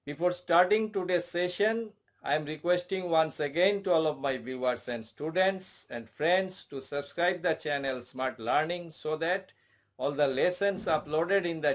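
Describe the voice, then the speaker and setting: A man's voice: on the high side, measured pace. A middle-aged man with an Indian English accent teaching an online French lesson, with a formal manner and a lot of repetition. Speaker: French tutor.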